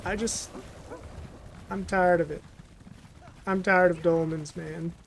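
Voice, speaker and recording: Guy playing a game and mumbling jokes at himself, kinda high voice, lots of noise behind. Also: steady tone, takes it slowly, gravelly. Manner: talks to himself, jokey and self-mocking. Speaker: let's play gamer. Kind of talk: casual gameplay commentary.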